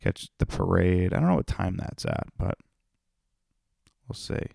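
A man's voice: low voice, expressive, unhurried, vocal fry, darkish tone, slightly rough, dry recording, clean studio sound. A comedian hosting his own podcast, rambling and profane in a tired, self-mocking solo monologue. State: tired, yawning.

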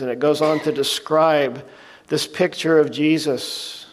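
In a big hall with lingering reverb, a man delivers a sermon as a pastor, reading scripture aloud with earnest conviction and unpacking it simply. He speaks a little slowly, in a slightly high voice with fairly even intonation.

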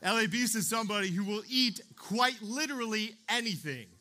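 Pitched high and animated, the youth pastor's pushed, bright voice moves fairly quickly. The young man chats his way through the sermon, repeatedly asking the room "okay?" and "right?"

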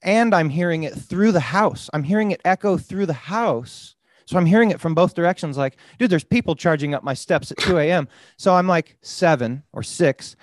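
A podcast host telling a story in casual conversation, animated and swearing freely, often saying "dude". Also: male voice, fairly high pitch, normal speed, no echo.

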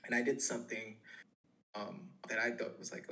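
A man in his thirties, a mental health coach, telling stories in a casual, animated interview. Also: lowish voice, normal speed, vocal fry. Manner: animated, storytelling, lots of fillers.

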